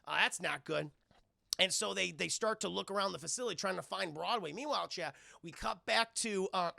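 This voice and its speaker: A man's voice: high-pitched, gravelly, sharp tone, no room sound, studio quality. A man casually recapping a cartoon episode for a live chat, rambling, swearing and addressing viewers often. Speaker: cartoon reviewer streaming to chat.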